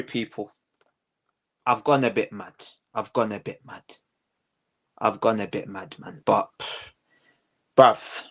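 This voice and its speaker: A man's voice: mid-range voice, fairly bright tone. A man hosting a casual commentary show, ranting heatedly and repeating himself, full of slang. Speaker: host.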